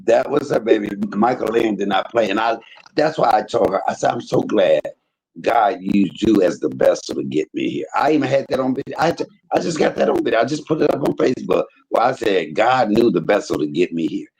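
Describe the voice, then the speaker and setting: A man hosting a livestream, telling stories in casual chat with an animated manner that leaps up in pitch when he quotes people. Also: brisk, slightly rough, low-quality recording. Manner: animated storyteller, jumps high in pitch for quoted voices. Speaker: livestream host.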